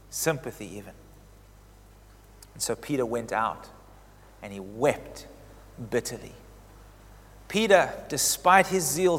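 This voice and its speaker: A man preaching a sermon, retelling a scripture story expressively, with emphatic highs and hushed reflective passages. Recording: long hall reverb.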